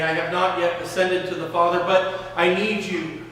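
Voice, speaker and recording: A man preaching a sermon as pastor, slowly retelling a scripture story and often repeating words. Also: high voice, little pitch movement, fairly bright tone, slight background noise. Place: church sanctuary. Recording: echoey church hall from a distance.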